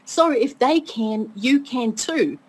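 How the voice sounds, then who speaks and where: A woman's voice: a little high, animated, slow, a loud crowd. A woman teaching an online course webinar, upbeat and chatty, often checking in with her listeners. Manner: upbeat, chatty, keeps asking okay. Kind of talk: motivational webinar talk.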